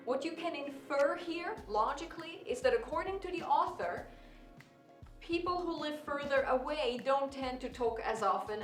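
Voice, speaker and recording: A woman with a high voice teaches a test-prep lesson, walking through each example step by step and slowing down to read sentences aloud. She sounds a little distant from the mic in a roomy space, with faint music underneath. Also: a bit bright. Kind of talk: recorded video lesson.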